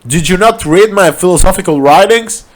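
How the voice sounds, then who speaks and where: A man's voice: high voice, moderate pace, pitched above the performer's own voice, lightly acted. A man voicing an indignant, preachy young man in a comic story reading, lecturing in a raised voice. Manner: huffy, lecturing.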